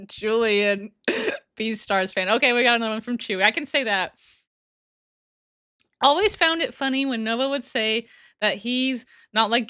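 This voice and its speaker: Woman streamer, bright tone, dry close sound, laughs a lot, casual chat. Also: fairly high pitch, smooth, no room sound. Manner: giggly, chatty, often trails off and restarts. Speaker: livestream host. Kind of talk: casual livestream chat reading super chats.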